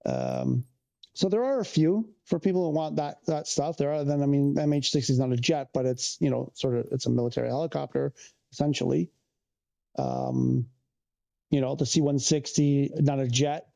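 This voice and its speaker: A man's voice: medium pitch, gravelly, mellow. A man from Canada, chatting casually on a livestream, rambling and restarting as he answers viewers' questions. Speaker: streamer.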